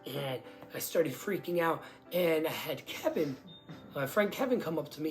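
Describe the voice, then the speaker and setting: A young man giving a casual spoken testimony, rambling with lots of "like" and restarts, and bursting into excitement as he relives moments. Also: fairly high pitch, normal speed, soft background music. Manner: rambling storytelling full of "like" and restarts.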